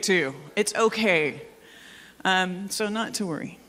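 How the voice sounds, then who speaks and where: A woman's voice: medium pitch, animated, takes it slowly, a bit bright. Woman pastor, sermon, light and teasing with the congregation, long church reverb. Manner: joking, conversational, asks the congregation questions. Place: church hall.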